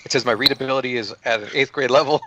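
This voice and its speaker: A man's voice: mid-range voice, rapid-fire, highs cut off, background noise. A man playing a tabletop game, asking careful rule questions in casual chat. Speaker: player.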